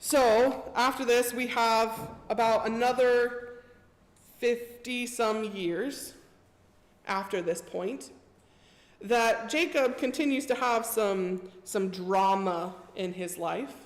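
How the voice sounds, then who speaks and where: A woman's voice: on the high side, takes it slowly. A woman preacher giving a casual sermon, retelling scripture in a chatty storytelling way. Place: church. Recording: echoey church hall reverb.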